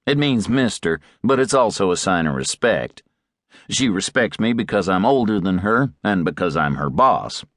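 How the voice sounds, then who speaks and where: A man's voice: low-pitched, expressive, normal speed, fairly bright tone, dry recording, studio quality. A man reading a first-person audiobook in a wry, laid-back way. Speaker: audiobook narrator.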